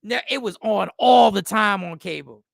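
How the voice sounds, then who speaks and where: A man's voice: sits high, moderate pace, creaky, no echo, studio quality. A man in his fifties, a comedian and host, telling a rambling, self-mocking story in a casual style.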